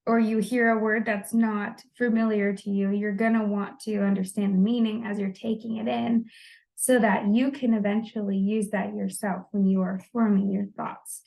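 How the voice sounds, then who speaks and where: A young adult woman presenting a class discussion post, explaining the basics of language in a friendly, steady way. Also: medium pitch, normal speed, creaky, low-quality recording. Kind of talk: informal lesson on the basics of language.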